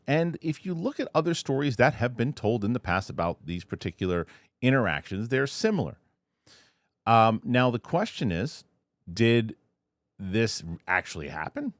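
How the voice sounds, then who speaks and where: A man's voice: mid-range voice, big pitch swings, moderate pace, no room sound, clean studio sound. A man hosting a show, giving loose, chatty commentary with frequent restarts. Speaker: host. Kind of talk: casual commentary.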